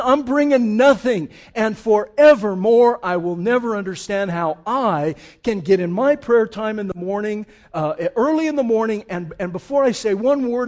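A pastor with a high voice preaches emphatically, posing questions to the congregation and shifting between loud and hushed passages.

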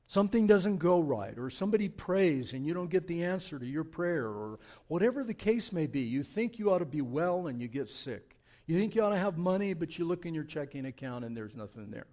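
A man preaching in a church, his voice mellow and warm yet sitting fairly high. He talks conversationally but with emphatic, animated bursts, like a pastor walking his congregation through a passage. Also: moderate pace. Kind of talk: sermon.

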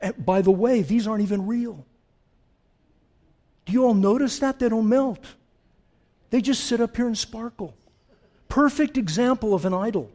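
Impassioned high-voiced preacher man. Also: moderate pace, long pauses. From Middle East. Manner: impassioned, shifts from hushed to loud; direct, talks straight to the congregation. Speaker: pastor. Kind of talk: sermon.

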